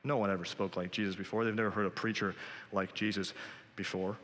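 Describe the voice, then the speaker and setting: A man preaches with a bright, forceful voice that carries a long hall reverb. His delivery is earnest and conversational, climbing to emphatic peaks. He speaks from a church sanctuary. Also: on the low side, little pitch movement, quick pace. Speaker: pastor. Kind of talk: sermon.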